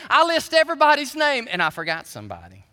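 High, lively pastor. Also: male voice, fast. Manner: animated storytelling, stammering restarts. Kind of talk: sermon. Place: church sanctuary. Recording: long hall reverb.

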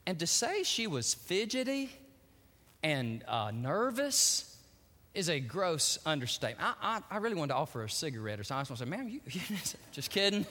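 A middle-aged man preaching a sermon, animated, acting out the voices he quotes and laughing often. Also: a little high, fairly quick, in a large hall. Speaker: pastor.

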